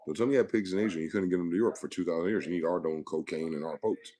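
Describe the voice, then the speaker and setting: His voice is low-pitched and dark, and the words come rapid-fire. As the channel's host, he rants through a foul-mouthed, aggressive monologue, hectoring listeners with rhetorical questions.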